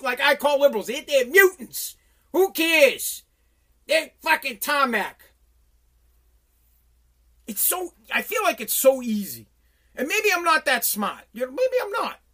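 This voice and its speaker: A man's voice: very high voice, pushed and bright. A man giving a heated, profane political rant as a commentator.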